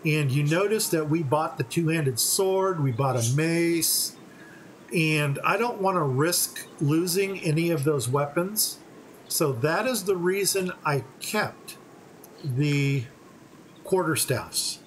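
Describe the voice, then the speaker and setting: A man giving relaxed, step-by-step commentary on a game playthrough. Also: fairly high pitch, slow, a little hiss or hum, low-quality recording. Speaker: gaming channel host.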